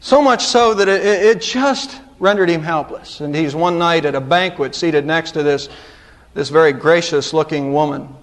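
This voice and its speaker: High-voiced preaching middle-aged man. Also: moderate pace. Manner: dramatic preaching with sharp rises and drops in pitch. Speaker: pastor. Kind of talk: sermon.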